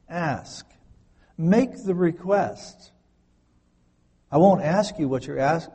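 A man's voice: on the high side, gravelly, darkish tone, husky. A man in his fifties preaching a sermon, emphatic, repeating key words and putting questions to his listeners. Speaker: pastor.

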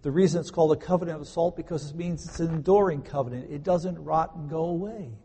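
A man delivers a sermon in a slightly raised, gravelly voice with a husky edge. His tone is warm and mellow. The words ring out in a long echo that fills the church around him. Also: on the high side. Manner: earnest preaching, slows down to stress key words. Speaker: pastor. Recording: long hall reverb.

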